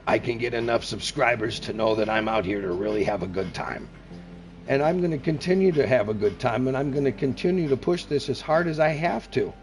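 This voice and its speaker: A self-styled grandpa talks fairly quickly in a mid-range voice while music plays behind him. On his gaming live stream he's folksy, earnest, and meandering, with occasional bursts of radio-announcer patter.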